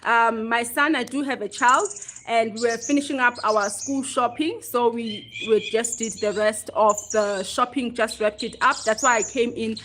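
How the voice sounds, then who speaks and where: High-voiced chatty woman livestreaming. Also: a little slow, a bit bright, a little hiss or hum. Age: 40s. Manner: chatty, greets viewers by name. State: a bit out of breath. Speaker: livestream host. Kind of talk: casual livestream chat. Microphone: phone held close.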